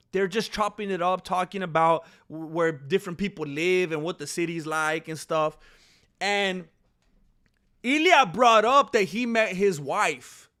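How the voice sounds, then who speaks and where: A man hosting a casual commentary channel, telling an animated story with frequent restarts, laughing and acting out other people's lines. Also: high-pitched. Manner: animated storytelling, acts out quotes in shouty voices. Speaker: channel host.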